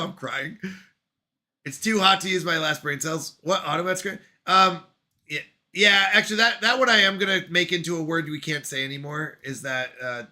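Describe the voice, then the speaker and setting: Male streamer host, high and piercingly bright, playful, laughing banter with chat. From Canada. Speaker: livestream host reading chat. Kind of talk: casual live-stream chat. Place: at home on a couch.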